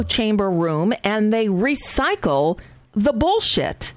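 A woman's voice: lowish voice, lively intonation, no echo. Sarcastic woman with a dry close sound. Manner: sarcastic, halting with many restarts. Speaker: political commentary host. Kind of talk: casual political commentary.

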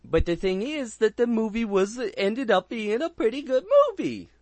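A man's voice: sits high, animated, normal speed, dry recording. Rambling, jokey man hosting a movie chat. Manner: rambling, jokey, crude, restarts often. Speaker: podcast host. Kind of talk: casual movie review chat.

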